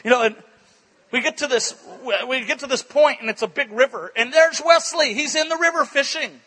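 A man preaching at a church conference, telling funny stories with lively acted-out quotes and frequent laughter. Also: extremely high pitch, a little fast. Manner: animated storytelling, acts out quotes, laughs often. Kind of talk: energetic conference sermon with stories.

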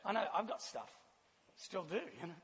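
A man from New Zealand with a New Zealand accent giving a sermon with a personal testimony, an animated storyteller who laughs often. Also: high voice, moderate pace, slightly rough. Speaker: church speaker. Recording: long hall reverb.

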